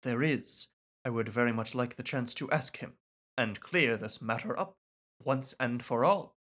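A man voicing a rambling, forgetful old male lore scholar, reading game dialogue in a measured, softened way. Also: mid-range voice. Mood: musing.

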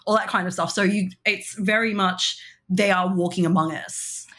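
A woman co-hosting a podcast keeps up a casual chat, giggly and rambling with lots of fillers. Her medium-pitched voice is fairly bright, with fairly even intonation at normal speed.

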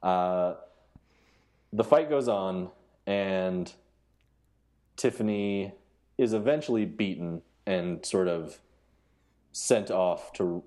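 A man with a deep, warm, relaxed voice chats casually as a podcast co-host. He talks haltingly, restarting his sentences and filling the pauses. His delivery stays easygoing throughout. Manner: halting, many restarts and fillers. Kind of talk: casual chat.

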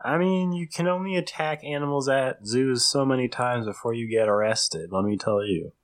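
A man co-hosting a podcast, chatting casually with sarcastic, deadpan quips and loose swearing. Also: mid-range voice, moderate pace. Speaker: podcast co-host. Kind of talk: casual chat.

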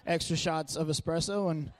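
A man with a slightly raised pitch preaches in a loose, conversational way. He jokes and stays animated as he talks a church crowd through scripture. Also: normal speed, no room sound. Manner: chatty, joking, animated delivery. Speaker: church speaker. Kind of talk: casual sermon. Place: church meeting room.

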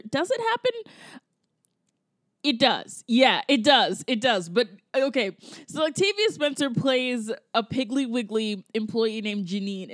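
A woman's voice: medium pitch, no room sound. A woman co-hosting a casual chat about a movie, dry and joking and laughing often. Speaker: podcast co-host.

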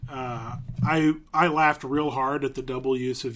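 A man's voice: mid-range voice, unhurried, very noisy. Chatty man laughing through a film chat. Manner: animated, laughs often. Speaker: podcast co-host. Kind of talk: casual movie discussion. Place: living room.

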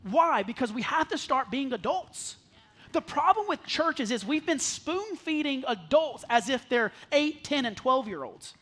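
A man's voice: extremely high pitch, expressive, measured pace, fairly bright tone. A man who is a pastor preaching a sermon to a congregation, earnest, often repeating words as he restarts. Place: church service before a congregation.

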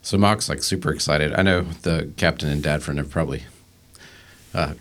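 A man's voice: a bass voice, fairly even intonation, moderate pace, a bit bright. A man playing a tabletop game, eager and blunt, often laughing. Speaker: player. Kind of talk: tabletop role-play.

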